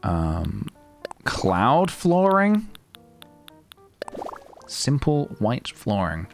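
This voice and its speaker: A man's voice: mid-range voice, wildly swooping pitch, very slow, vocal fry. A young man chatting playfully and rambling while live-streaming a game, breaking into sing-song noises. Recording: faint guitar music behind.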